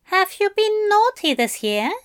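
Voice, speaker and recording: Here is a prim, playful male angel, voiced by a woman reading aloud, lifting into a high, sing-song tease. The voice sits well above her usual speaking pitch and bounces brightly on each word. It stays close and dry, with no room sound behind it. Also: big pitch swings, unhurried, no echo, exaggerated voice. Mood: teasing.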